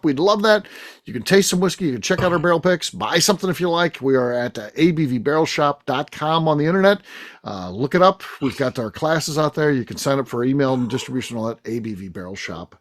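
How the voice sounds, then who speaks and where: A male podcast host running a casual roundtable chat. His delivery is upbeat and chatty, with pitch that rises and falls a lot. The room sound is dry and close. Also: no echo. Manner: upbeat, lively show host wrapping up.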